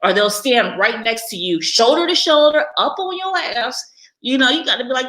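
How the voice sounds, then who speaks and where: Bright, candid African American woman vlogger. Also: sits high, moderate pace, low-quality recording. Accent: African American English. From United States. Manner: candid, laughs often, animated impressions. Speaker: vlogger living abroad. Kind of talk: casual live-stream monologue.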